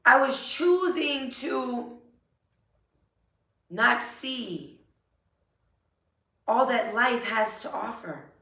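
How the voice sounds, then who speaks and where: A woman speaks slowly and earnestly, leaning into affirmations with real emotion. Her voice is bright and a little high. She sits some way off the mic in a room with a noticeable echo. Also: lively intonation, gravelly. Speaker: self-help vlogger. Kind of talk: motivational talk to camera. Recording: roomy echo, a bit far from mic.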